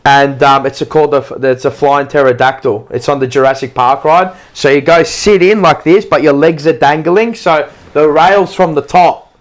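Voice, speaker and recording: Man, high voice, excitable and sweary, casual podcast chat. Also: moderate pace. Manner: excitable, swearing, describes with gestures.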